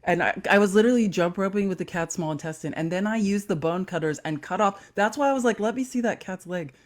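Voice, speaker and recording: A woman's voice: mid-range voice, fast. Sarcastic young woman spinning a rambling story. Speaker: podcast co-host. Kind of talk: casual comedic chat.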